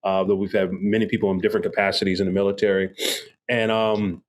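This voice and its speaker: A man with a fairly low voice hosts an interview podcast. He asks his question in a halting way, circling back with fillers and restarts. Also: little pitch movement, a little hiss or hum. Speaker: podcast host.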